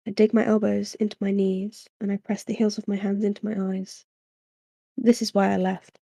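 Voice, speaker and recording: A young woman reading a novel aloud on a livestream into a desk microphone at home, in a soft, unhurried narration with chatty asides. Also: medium pitch, level tone, vocal fry, no room sound, studio quality. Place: small room at home.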